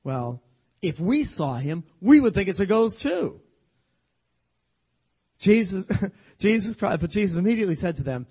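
Man, Bible teacher, storytelling sermon, husky voice, lively pitch, humorous. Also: moderate pace. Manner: animated, humorous storytelling with acted-out quotes.

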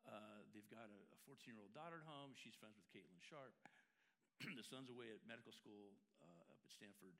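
A man preaching as a pastor in a church, telling a story and then praying, with halting delivery full of fillers and repeated words. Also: fairly low pitch, pushed and bright, low-quality recording. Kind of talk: sermon storytelling and prayer. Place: church sanctuary.

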